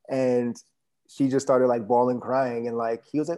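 A man's voice: mid-range voice, fairly even intonation, fairly quick, dark tone. A man chatting casually as a podcast guest, laid-back and rambling with many fillers. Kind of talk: casual conversation.

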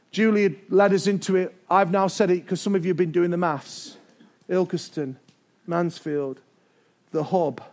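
High-voiced pastor preaching energetically. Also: male voice. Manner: energetic preaching, building to shouts, with joking asides. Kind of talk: sermon. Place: church service before a congregation.

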